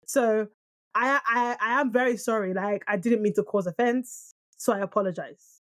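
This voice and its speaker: A young woman from Nigeria co-hosting a podcast in casual, argumentative chat. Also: medium pitch. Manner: animated, argumentative, quick to protest. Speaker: podcast co-host.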